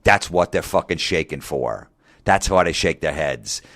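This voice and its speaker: A man's voice: a bass voice, expressive, a little slow, a bit bright, no room sound, clean studio sound. A comedian in his forties delivering an angry, mocking, profane comedic rant. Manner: angry, mocking, heavy swearing.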